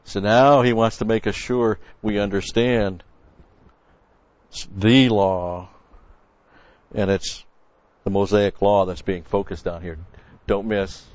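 A man's voice: fairly low pitch, little pitch movement, a little slow, a little mellow, no echo. A man giving verse-by-verse sermon teaching as a Bible teacher, stressing points by repeating key words and explaining the grammar of the original text. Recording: dull, dry lo-fi recording.

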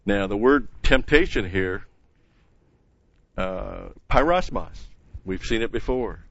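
Older male Bible teacher, low-pitched, conversational, self-correcting, dry slightly dull recording. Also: expressive, takes it slowly, fairly bright tone, dry recording. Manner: conversational, self-correcting, stresses key words.

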